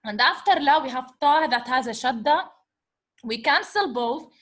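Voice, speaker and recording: A woman's voice: high-pitched, expressive, fairly bright tone. A woman teaching a recorded revision lecture, patiently sounding out words syllable by syllable, mixing English and Arabic and often checking in with "okay?". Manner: slow, patient syllable-by-syllable decoding; repeats "okay?" to check understanding.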